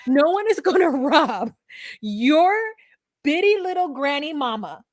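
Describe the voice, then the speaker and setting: A young woman with a high voice trades teasing remarks in a casual recap. She mocks and laughs her way through the story. The recording is dry and close. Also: animated, a little slow, darkish tone, no echo. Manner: playful, mocking, laughs often. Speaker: podcast co-host. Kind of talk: casual reality-TV recap chat.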